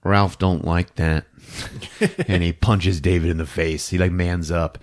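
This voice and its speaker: A man's voice: low voice, unhurried. A man hosting a podcast, casually retelling a movie plot with lots of laughter. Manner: animated, laughing, storytelling. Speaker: podcast host.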